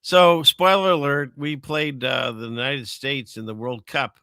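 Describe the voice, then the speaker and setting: A man hosting a casual talk show in a gravelly but bright voice, close and dry on the mic. He wanders through stories, trails off, and laughs along with his own jokes. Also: medium pitch, unhurried, few pauses, no echo. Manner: rambling, self-amused, chuckles at his own jokes. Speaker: podcast host. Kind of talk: casual chat.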